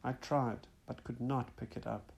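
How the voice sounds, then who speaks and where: A gentle spirit mother explains herself ruefully to her son, read by a man. The voice is gravelly and plain in pitch. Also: steady tone, a little slow.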